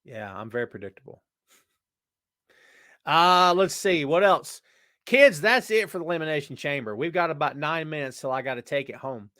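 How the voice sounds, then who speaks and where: A man hosting a live wrestling podcast, chatting casually and reading out viewer comments in an animated way. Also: fairly high pitch, quick pace, hardly any pauses, dry recording, clean studio sound. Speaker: podcast host. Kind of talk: live-chat wrestling talk.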